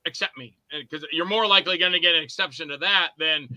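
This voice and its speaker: A man's voice: fairly high pitch, quick pace, bright, forceful tone, dry recording. A man guesting on a podcast, chatting casually and rambling through stories where he acts out both sides of conversations. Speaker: podcast guest, indie filmmaker and actor. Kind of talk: casual chat.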